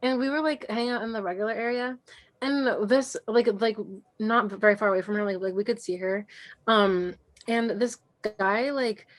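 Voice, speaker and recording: A young woman co-hosting a podcast, chatting casually and telling an animated story full of "like" and acted-out quotes. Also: on the high side, moderate pace. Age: young adult. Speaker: podcast co-host. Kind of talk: casual chat.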